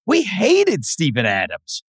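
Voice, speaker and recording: A man co-hosting a sports podcast, telling stories in a casual, animated way and dropping into high mimicking voices. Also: slow pace, slightly rough, no echo, clean studio sound. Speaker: podcast co-host.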